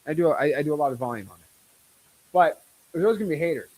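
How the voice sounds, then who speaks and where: A man in his twenties hosting a casual livestream, talking in a hyped, boastful and excitable way. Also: fairly high pitch, quick pace. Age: 20s. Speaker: host.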